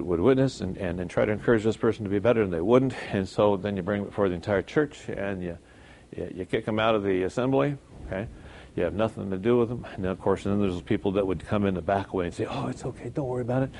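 A man's voice: fairly low pitch, fast, darkish tone, a little hiss or hum. A man preaching a sermon in a conversational way, firing off rhetorical questions and correcting himself as he goes.

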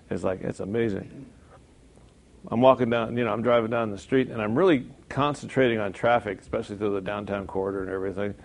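A man preaching a sermon in a conversational way, now and then jumping to loud emphasis and acting out quoted voices. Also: fairly low pitch, creaky.

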